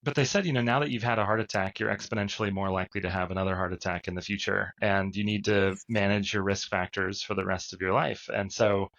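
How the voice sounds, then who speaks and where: Low-voiced male guest, dull sound. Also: steady tone, quick pace, hardly any pauses, a bit bright. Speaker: guest, consultant. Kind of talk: casual conversation.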